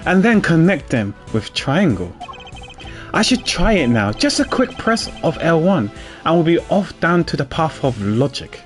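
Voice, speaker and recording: A man's voice: a little high, sing-song, a little slow, soft background music. A man streaming a game, chatting casually and animatedly, stammering a little when he explains things. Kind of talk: casual gaming commentary.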